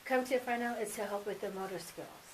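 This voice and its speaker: A mother speaking as an interview guest, telling family stories in a casual, animated way and acting out remembered dialogue. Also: medium pitch, fairly quick, slight background noise, rough recording. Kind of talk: casual sit-down interview storytelling.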